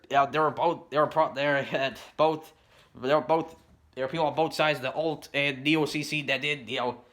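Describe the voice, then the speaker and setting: A man delivering a rambling commentary rant, filling his points with "you know" and "stuff like that" and often clearing his throat. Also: mid-range voice, a bit bright. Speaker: commentary YouTuber.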